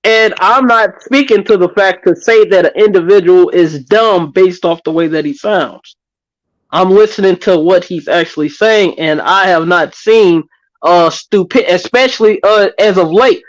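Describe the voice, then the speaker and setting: Insistent high-voiced man in barbershop debate. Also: measured pace, dry recording, poor audio. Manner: earnest, insistent, repeats himself when challenged. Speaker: barbershop panelist. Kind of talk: casual debate.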